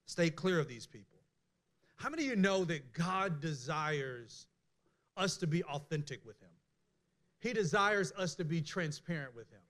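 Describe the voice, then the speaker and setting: A middle-aged man preaching a conversational sermon, candid and animated, with many restarts. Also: a little high, moderate pace.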